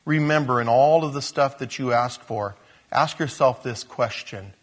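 A man's voice: mid-range voice, moderate pace, breathy edge. An older man preaching a sermon in a church, telling stories and joking with the congregation. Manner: animated, storytelling, joking with the congregation. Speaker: pastor.

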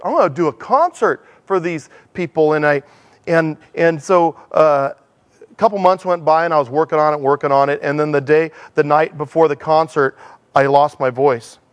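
A middle-aged man giving a sermon in a church, animated and self-deprecating, telling stories and acting out dialogue. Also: a little high. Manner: animated, acts out dialogue in changing voices. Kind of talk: sermon with storytelling.

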